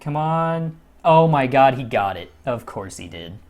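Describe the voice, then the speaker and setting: A man giving casual let's-play commentary as a gaming channel host, swearing freely and moving from low muttering to frustrated outbursts. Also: very animated, measured pace, darkish tone.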